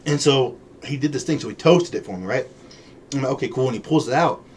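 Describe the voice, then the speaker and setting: A male podcast co-host tells a casual story with a lively, swooping voice, slipping into the voices of the people he quotes. He laughs easily. There is a faint hiss of background noise under him. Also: medium pitch, fast. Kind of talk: casual chat.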